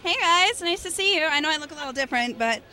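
Bright, bubbly woman in costume. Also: sits high, expressive, fast talker. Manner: bubbly, flirty. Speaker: guest in costume. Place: convention floor.

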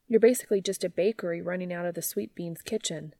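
A sensible younger brother who lays out his arguments calmly and persuasively, voiced by a woman reading. Her low voice has a gravelly edge in a dry, close recording. It plays as a story read aloud. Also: fast talker, no echo. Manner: calm, persuasive. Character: reasonable young man, law student, younger brother.

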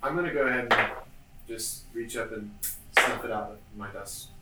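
A man's voice: on the low side, moderate pace, heavy background noise. A man playing a tabletop game, animatedly describing what his character does, recorded in an echoey room from a distant mic. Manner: animated, declares his actions. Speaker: player. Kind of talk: casual tabletop play.

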